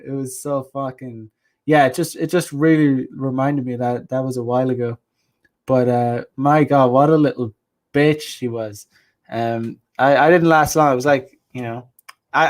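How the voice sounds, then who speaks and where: A man hosting a casual livestream chat, talking bluntly with crude slang and rambling through many restarts. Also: fairly high pitch. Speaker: host. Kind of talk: casual livestream chat, reading viewer comments.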